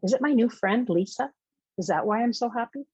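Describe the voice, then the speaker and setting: A woman, the author, reading her own novel aloud in a measured, intimate storytelling manner. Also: on the high side, expressive, darkish tone, breathy edge, dry recording, muffled recording.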